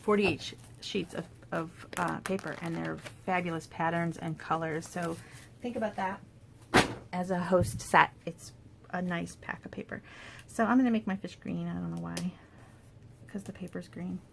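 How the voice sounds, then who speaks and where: A woman demonstrating paper crafts in a casual tutorial, chatty and thinking aloud with soft asides under her breath. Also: fairly low pitch, fairly even intonation, normal speed, gravelly, noisy background.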